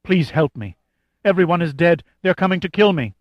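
A desperate young woman in an audiobook, breathless and pleading, her voice pitched high and pushed loud, as a male narrator puts her on. The recording is dull and lo-fi, dry with no room sound. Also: lively intonation, brisk, dry recording, close to an everyday voice. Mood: terrified. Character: frightened young woman on the run. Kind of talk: audiobook character voice.

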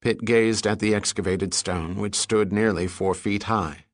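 A man reading an adventure novel aloud in a steady storytelling delivery. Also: on the low side, a little slow, no echo, clean studio sound. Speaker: audiobook narrator. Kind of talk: scripted narration.

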